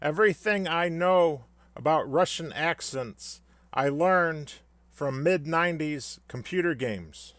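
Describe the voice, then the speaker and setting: A man's voice: fairly high pitch, slow pace, fairly bright tone. A man delivering a scripted comedic rant in a sarcastic, mock-solemn way. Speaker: satirical commentator.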